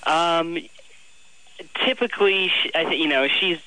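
A man from the US East Coast calling in to a show and answering in a hesitant, halting way. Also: on the high side, sharp tone, low-quality recording. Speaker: caller. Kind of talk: call-in conversation.

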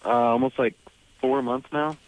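A man's voice: medium pitch, steady tone, normal speed, low-quality recording. A teenage boy calling in to a radio advice show, asking his question in a hesitant, mumbling way. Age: teens. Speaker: caller. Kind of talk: call-in question.

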